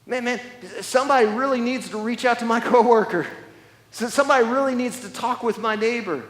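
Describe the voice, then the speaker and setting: A man with a high voice preaches a sermon in a big, echoing church hall. He presses his points hard, doubling words and restarting phrases as he goes. A long reverb trails behind every line. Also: brisk, fairly bright tone. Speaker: pastor.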